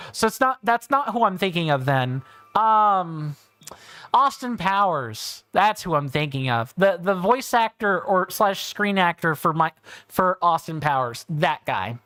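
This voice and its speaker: A man's voice: a little high, sharp tone. A man from the American South with a Southern drawl, chatting and rambling in a self-deprecating way while commentating a game on a livestream. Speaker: game streamer.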